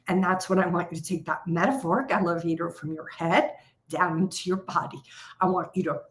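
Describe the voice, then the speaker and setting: Woman coaching a live audience. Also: lowish voice. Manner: warm, direct, repeats phrases for emphasis. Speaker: trading coach.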